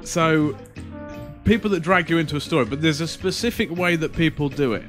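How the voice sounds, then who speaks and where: A man's voice: fairly high pitch, fairly quick, a bit bright, soft background music. A man co-hosting a comedy podcast, ranting and swearing as he acts out other people. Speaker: podcast co-host. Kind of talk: casual comedy banter.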